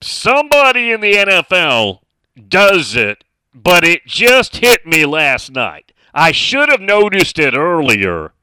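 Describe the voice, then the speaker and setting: A man's voice: sits high, huge pitch swings, slow, sharp tone, clear, resonant tone, no echo, poor audio. A man hosting a casual sports talk radio show from a studio, chatting and reading out listener messages.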